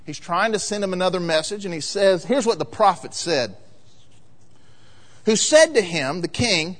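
A male pastor preaching a sermon, acting out voices and building to loud, emphatic peaks. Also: sits high, lively intonation, moderate pace. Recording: long hall reverb.

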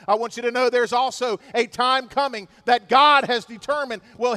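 A pastor preaching a sermon, dramatic and emphatic, sometimes rising close to a shout. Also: male voice, very high-pitched.

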